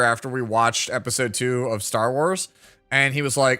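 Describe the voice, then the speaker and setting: A man's voice: mid-range voice, moderate pace, sharp tone, clear, resonant tone. A man in his thirties, a streamer, telling a rambling story to his chat with lots of filler words and frequent laughter. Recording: faint music behind.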